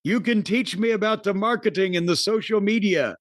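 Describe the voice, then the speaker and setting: A man's voice: high-pitched, a little fast, dry recording, studio quality, close to an everyday voice. A man putting on a German-tinged accent to play a stern, menacing male wrestler. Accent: German-tinged put-on.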